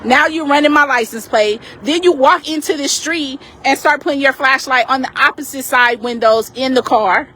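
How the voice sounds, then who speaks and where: Woman activist, high voice, animated and forceful recounting, outdoor street. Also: moderate pace, hardly any pauses. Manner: emphatic, animated retelling. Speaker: community activist. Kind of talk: heated street complaint to police. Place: outdoors on a city street by a parked car.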